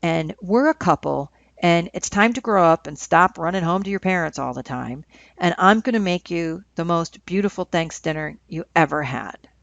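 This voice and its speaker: Give me a woman playing a volatile young man, gravelly, on a dull dry recording. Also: lowish voice, expressive, moderate pace, dry recording. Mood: insistent. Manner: shouting, then tearful and stammering. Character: volatile young man, angry then pleading.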